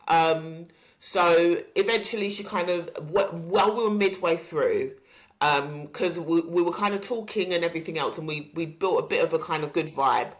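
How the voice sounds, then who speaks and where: A woman, hosting a podcast and candidly recounting a personal story with many pauses and ums. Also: fairly low pitch, fairly bright tone. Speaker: podcast host.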